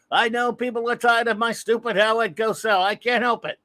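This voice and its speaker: A man's voice: extremely high pitch, steady tone, brisk, few pauses, bright, forceful tone. A man hosting a casual comics livestream, talking in a rambling, self-deprecating way with many restarts. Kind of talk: casual chat.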